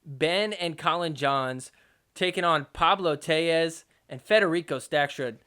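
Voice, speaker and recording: A young man hosting a podcast, recapping match footage in a joking, excitable way with mock outrage. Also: a little high, measured pace, smooth. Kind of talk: casual sports recap commentary.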